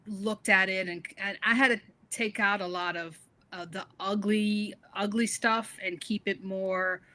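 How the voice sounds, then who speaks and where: Bright-voiced woman telling her story. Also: medium pitch, unhurried. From northern United States. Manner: chatty and animated, laughing as she tells stories. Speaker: author guest. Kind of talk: casual interview conversation.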